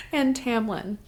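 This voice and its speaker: A young adult woman with a fairly high voice co-hosts a podcast, loosely recapping a novel's plot in a casual book chat. She leans heavily on fillers like "um" and "like." There's a little background noise.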